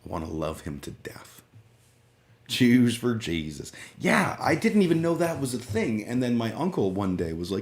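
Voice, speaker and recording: A man's voice: medium pitch, sing-song, normal speed. A man streaming live who rants about a clip in a profane, sarcastic, casual way. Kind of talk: casual ranting reaction stream.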